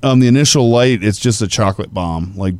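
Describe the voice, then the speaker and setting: Low-voiced man describing tasting notes. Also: brisk, a little mellow, clear, resonant tone, no echo. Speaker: podcast co-host. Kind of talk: casual chat.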